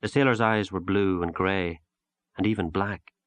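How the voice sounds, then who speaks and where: A man narrating a literary short story in a measured, unhurried audiobook reading. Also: deep voice, fairly even intonation, dry recording.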